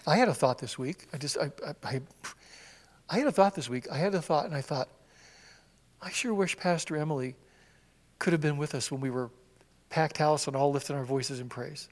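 A man preaching a sermon in a church, acting out scripture quotes with sudden swings from loud cries to hushed whispers. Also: on the high side, fairly quick, pauses often, in a large hall. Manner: animated, acts out quotes with swings from shouts to whispers. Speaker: pastor. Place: church sanctuary.

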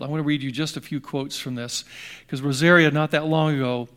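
An older man delivers a sermon in a loose, conversational way. He drifts through anecdotes with frequent restarts and asides. His voice sits slightly high for a man. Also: a little fast, a bit bright. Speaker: pastor.

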